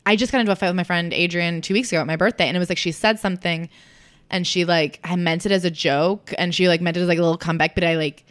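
A young woman with a fairly low voice tells stories in a rush, with constant "like"s and "you know what I mean"s. Her voice is dry and close to the mic. She sounds like a guest chatting casually on a podcast. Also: steady tone, clean tone, no echo. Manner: rapid, filler-heavy storytelling. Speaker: guest comedian.

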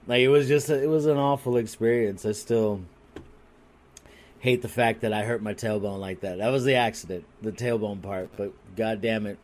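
A man telling a story on a podcast in a crude, rambling and animated way, restarting his sentences often. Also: lowish voice, normal speed. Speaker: podcast co-host. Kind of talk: casual comedic storytelling.

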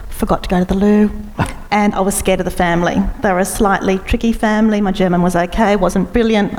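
A woman's voice: mid-range voice, a little mellow. A woman interviewer who talks reflectively and shares a personal story before asking a question. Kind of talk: conversational interview. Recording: reverberant room.

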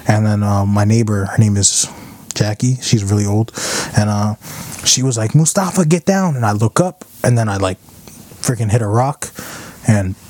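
A man's voice: fairly low pitch, little pitch movement, moderate pace, darkish tone. A young man co-hosting a podcast, telling stories and teasing his friend in a casual chat full of fillers. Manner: loose storytelling with many fillers and teasing. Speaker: podcast co-host.

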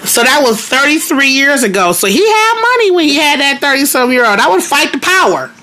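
A woman's voice: high-pitched, sing-song, fairly quick, a loud crowd. A woman co-hosting a casual podcast chat, talking in a blunt, teasing, laughing way. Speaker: podcast co-host.

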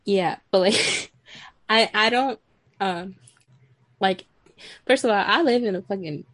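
A woman's voice: medium pitch, takes it slowly, a bit bright, dry recording. A young woman from Houston chats loosely on a podcast, swearing freely and drifting between tangents. Her voice sits in a middle range. The sound is dry and close to the mic. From Houston, Texas. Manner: rambling, profane, chatty. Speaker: podcast co-host. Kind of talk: casual chat.

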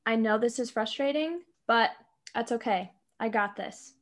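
A woman's voice: a little high, moderate pace. A young woman co-host chatting casually and sharing her own examples in a friendly way. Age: young adult. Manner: friendly, relates personal examples. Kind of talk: casual chat.

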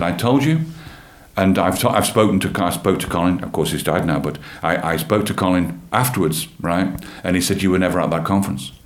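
A man, a church leader giving an earnest, animated personal testimony in an interview, often repeating his phrases. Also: low voice. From England. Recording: roomy echo.

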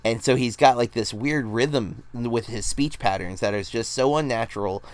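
A man hosting a relaxed movie chat show. His voice sits at an ordinary middle pitch, and he talks in loose, rambling runs full of ums and self-corrections. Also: moderate pace, dry recording. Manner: rambling, restarts often, says um a lot. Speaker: podcast host.

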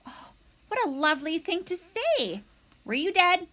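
A woman's voice: extremely high pitch, big pitch swings, a little slow, fairly bright tone, pitched above the performer's own voice, exaggerated voice. A woman voicing a polite, curious female robot who speaks in a plain, earnest, formal way.

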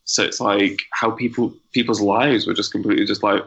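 Male guest, loose rambling chatter, lowish voice, lo-fi remote recording. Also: flat delivery, fairly quick, fairly bright tone, slightly rough. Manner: rambling, laughs often. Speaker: podcast guest. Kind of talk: casual chat. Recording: dull lo-fi line.

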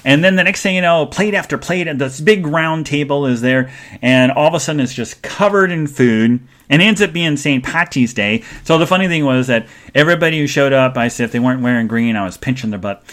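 A man's voice: brisk, a bit bright. A male host chatting live to his audience, rambling from one story to the next. He talks in a loose, casual way, full of fillers and restarts. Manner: greets chat viewers in a sing-song high voice. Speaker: podcast host. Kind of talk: live-stream casual chat.

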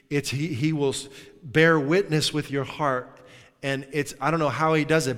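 Conversational preacher in a reverberant hall. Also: male voice, mid-range voice. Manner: animated and conversational, often dropping to a hush. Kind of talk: sermon.

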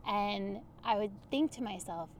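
Woman, gravelly voice, animated and chatty, coaching guest on a podcast. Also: mid-range voice, unhurried, slight background noise. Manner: animated, chatty, explains with everyday examples. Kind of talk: casual conversational interview.

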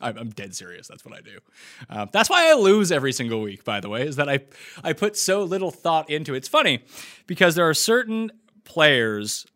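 A man from Nova Scotia hosts a casual live-stream chat, his voice sitting fairly high and swinging widely in pitch. He talks bluntly and jokes around, rambling from one point to the next. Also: big pitch swings, a little fast, a bit bright. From Nova Scotia, Canada. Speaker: host.

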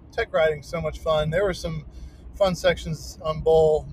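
A man's voice: a little high, slight background noise. A middle-aged man hosting a podcast in loose, rambling casual chat with lots of fillers. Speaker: podcast host.

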